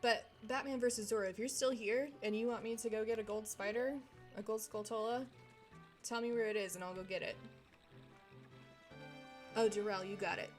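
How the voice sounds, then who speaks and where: A woman's voice: fairly high pitch, steady tone, moderate pace, long pauses. A woman streamer from Texas, chatting casually with viewers while she plays a game. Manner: chatty, talks to chat while playing. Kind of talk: casual gaming stream chat. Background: video game music.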